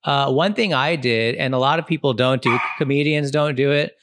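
A man's voice: medium pitch, moderate pace, noisy background. A man in his thirties, a comedian and podcast host, giving casual advice in a chatty way full of "like" and "you know". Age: 30s.

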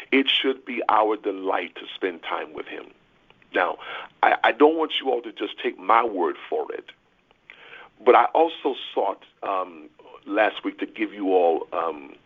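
Over a tinny phone line, a male pastor preaches a sermon on a prayer call in a fairly low voice with a breathy edge. He speaks earnestly, stresses key words, and repeats himself as he starts phrases.

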